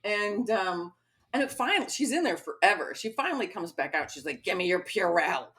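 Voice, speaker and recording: A woman's voice: medium pitch, brisk. A woman hosting a podcast, telling a story in casual chat and acting out quotes with lots of laughter. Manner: animated, acts out quotes with laughter. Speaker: podcast host.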